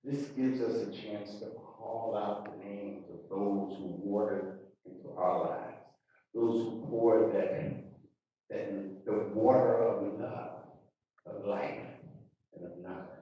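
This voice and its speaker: A man telling a folktale and leading a libation ceremony at a live gathering, with call-and-response and folksy asides, speaking through a mic over loudspeakers. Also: lowish voice, steady tone, takes it slowly. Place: hall with loudspeakers. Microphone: handheld mic over a PA. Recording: echoey hall from far off, dull.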